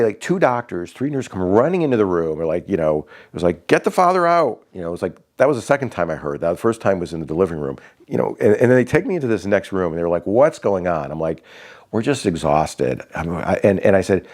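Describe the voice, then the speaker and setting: Deep-voiced man telling a family story. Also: darkish tone. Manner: halting, many restarts and fillers, acts out quoted voices. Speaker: father sharing a personal story. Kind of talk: casual personal storytelling.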